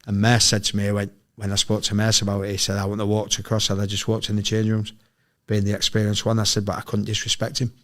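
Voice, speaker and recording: A middle-aged man from England, a former footballer and podcast guest, telling sweary, animated anecdotes in casual chat. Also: fairly low pitch, fast talker, hardly any pauses. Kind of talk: casual storytelling.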